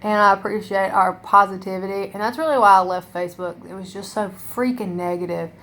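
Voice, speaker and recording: A woman's voice: mid-range voice, steady tone, fairly quick, a bit bright. A young woman talking to camera as a makeup vlogger, rambling and emotional, filling her talk with "like" and swearing. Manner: rambling, emotional, heavy use of "like" and profanity. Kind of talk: casual rambling monologue to camera.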